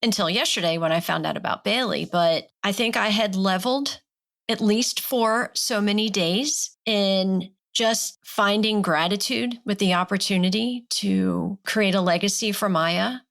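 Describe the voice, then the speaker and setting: A woman's voice: medium pitch, a little slow, creaky. A woman guest on a podcast, a life coach talking in a heartfelt, emphatic way in casual conversation.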